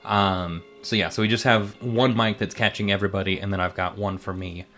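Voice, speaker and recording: A man's voice: lowish voice, fairly even intonation, a little fast, a bit bright, faint music behind. A man running a tabletop game as game master, hesitant, with many ums and restarts.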